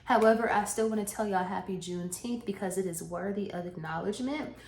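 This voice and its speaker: A woman's voice: medium pitch, brisk, a little mellow. Woman vlogger, chatty and giggly, slightly breathless; echoey room. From Southern US. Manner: chatty and laughing, with many restarts and asides. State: a little out of breath. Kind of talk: casual chat to camera. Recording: echoey room with faint noise.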